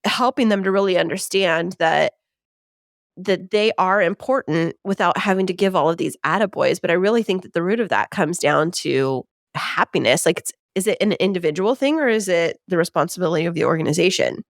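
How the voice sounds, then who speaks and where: A woman's voice: lowish voice, a little fast, dry recording, studio quality. A woman co-hosting a podcast, asking questions in a searching, thoughtful way and laughing often. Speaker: co-host. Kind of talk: casual podcast conversation.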